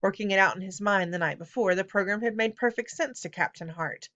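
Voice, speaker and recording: A woman narrates a children's novel aloud. Her storytelling is expressive, with a mid-range voice. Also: mid-range voice, a little fast, lo-fi sound. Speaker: audiobook narrator. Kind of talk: scripted narration.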